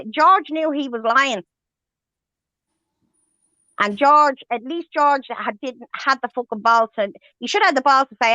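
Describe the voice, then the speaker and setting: With a sharp, high-sitting voice, a woman rants angrily on her livestream, swearing hard at a measured pace and pausing often. The audio has no echo but comes through as dull lo-fi stream sound.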